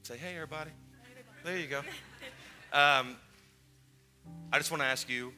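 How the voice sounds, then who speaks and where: A man's voice: on the high side, moderate pace, over music. A man preaching as pastor to a congregation. He is fervent and urgent, and he repeats his phrases as he urges people forward. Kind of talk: sermon with altar call. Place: church sanctuary before a congregation.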